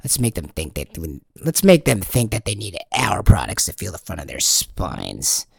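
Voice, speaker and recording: A man voicing a sly, scheming advertiser figure who coaxes in a hushed, drawn-out low voice. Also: big pitch swings, gravelly, slightly rough, dry recording, clean studio sound, heavily acted. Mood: coaxing.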